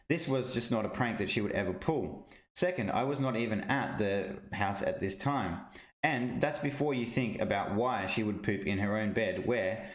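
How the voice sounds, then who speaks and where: A man reading a first-person witness statement aloud in a steady, measured way. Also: lowish voice, roomy sound.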